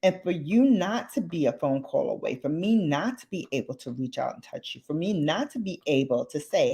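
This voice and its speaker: A woman's voice: lowish voice, lively intonation, normal speed, a little mellow. A middle-aged woman hosting a late-night livestream chat, speaking emotionally and close to tears, repeating phrases for emphasis. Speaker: livestream host.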